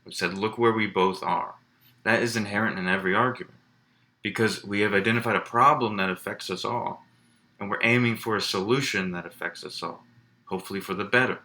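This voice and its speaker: A man's voice: lowish voice, fairly even intonation, brisk, pushed and bright. A man teaching a college writing class in a recorded lecture, explaining in a conversational way with fillers and restarts. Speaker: college English instructor.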